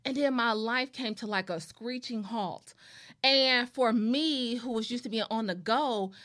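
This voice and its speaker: A woman's voice: on the high side, measured pace, a bit bright. A woman in her thirties telling a story in a casual chat and talking straight to the audience as y'all. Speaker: guest.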